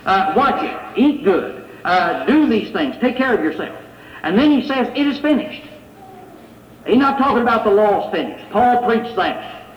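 A man preaches to his congregation in a conversational way, firing rhetorical questions at them. His voice sits very high for a man. The recording is dull and lo-fi, with a roomy church-hall echo. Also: sing-song, moderate pace. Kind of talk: sermon. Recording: echoey hall, dull lo-fi sound.

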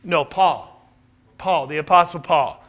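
A man's voice: fairly high pitch, unhurried, a bit bright. A man teaching a Bible class, quizzing his listeners with questions and then answering them himself.

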